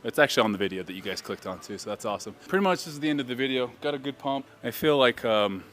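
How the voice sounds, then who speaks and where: A man's voice: medium pitch, animated, racing, fairly bright tone. Joking gym vlogger man. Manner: joking, hypes the viewer while training. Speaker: fitness vlogger. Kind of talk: casual workout vlog narration.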